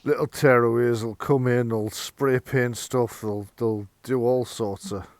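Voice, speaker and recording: A man narrating as game master, relaxed, slipping into quick lines for the police officers. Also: mid-range voice, no echo.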